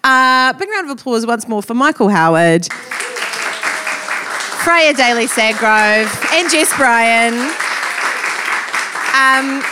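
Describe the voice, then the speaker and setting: Woman host at a live event, high voice, loud crowd and room noise behind. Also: expressive, takes it slowly, long pauses. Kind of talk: closing announcements. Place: live venue. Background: audience and noise.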